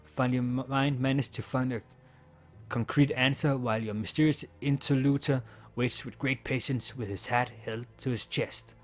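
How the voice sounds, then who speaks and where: A man's voice: mid-range voice, steady tone, moderate pace, soft background music. A man, not a native English speaker, reading game text aloud and chatting casually in a let's play, with a slightly sore throat.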